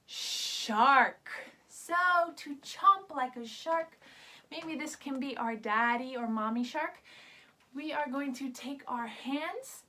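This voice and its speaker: High-pitched, slow-talking woman yoga teacher. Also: sharp tone. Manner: upbeat, sing-song, coaxing young children. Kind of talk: children's yoga lesson.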